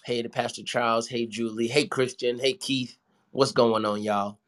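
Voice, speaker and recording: A middle-aged man, a pastor, chatting in a relaxed, unhurried way with frequent ums. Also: mid-range voice, dry recording. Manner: relaxed and slow, many ums. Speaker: pastor and co-host. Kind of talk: casual morning check-in.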